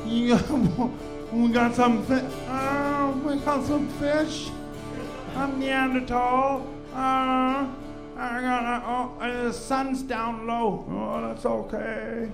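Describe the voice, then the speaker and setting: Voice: mid-range voice, little pitch movement, slow, poor audio. A performer voicing a friendly, rambling Neanderthal from the hills in a sing-song way, with guitar music playing. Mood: dopey.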